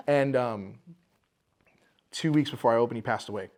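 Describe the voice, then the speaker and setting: A man's voice: medium pitch, a little slow, darkish tone. Guy who owns a bar telling his story on a podcast, does the voices when he quotes people. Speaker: bar owner, podcast guest. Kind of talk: casual storytelling interview.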